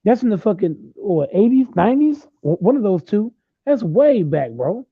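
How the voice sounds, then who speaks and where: A man in his late twenties arguing football in a heated casual chat, loud and repetitive, trash-talking. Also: high voice, big pitch swings, moderate pace, gravelly, breathy edge, no echo. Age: late 20s. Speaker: host. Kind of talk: heated casual sports argument. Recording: tinny phone-like sound.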